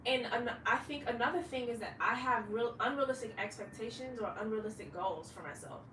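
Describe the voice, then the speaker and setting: A woman's voice: a little high, brisk, bright, forceful tone, roomy sound, far from the mic, a little hiss or hum, poor audio. A woman in her late twenties, a fashion designer, talking candidly in a rambling vlog monologue and swearing freely. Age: late 20s.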